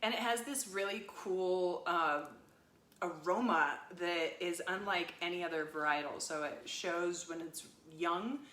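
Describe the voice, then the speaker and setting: A woman's voice: on the low side, measured pace, a bit bright. A woman co-hosting a casual wine chat, upbeat and playful as she explains things. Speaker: winery co-owner podcast host. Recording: echoey room, mic a bit far.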